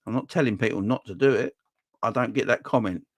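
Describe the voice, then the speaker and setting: A man hosting a fan channel livestream, chatting casually and reading out comments, his voice jumping high when he rants. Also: brisk, gravelly, dry recording. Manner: animated, voice jumps high when ranting.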